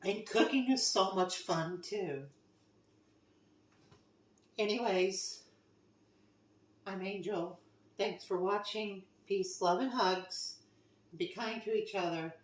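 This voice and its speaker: A woman's voice: mid-range voice, slow, pauses often. A woman in a home kitchen tasting her own food in a casual cooking vlog, effusive and emotional about how good it turned out. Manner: gushing and effusive while tasting. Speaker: cooking vlogger. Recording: roomy echo, mic at a distance.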